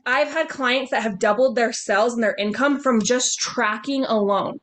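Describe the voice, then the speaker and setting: A woman's voice: a little high, moderate pace, a bit bright, slight background noise. A woman business coach giving upbeat, chatty sales coaching on a group video call, laughing often.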